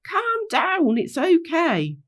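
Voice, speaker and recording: A woman's voice: extremely high pitch, huge pitch swings, takes it slowly, fairly bright tone, pitched above the performer's own voice, heavily acted. A woman voicing a bossy, impatient boy hedgehog who leads his siblings in a storybook. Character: bossy boy hedgehog leader, older brother.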